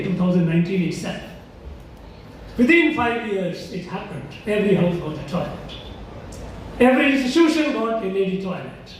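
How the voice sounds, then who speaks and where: A man with a high, slightly mellow voice gives a formal public speech to an audience, lecturing emphatically and repeating key phrases for weight. The recording sounds echoey, as if made in a hall with a distant mic and faint noise.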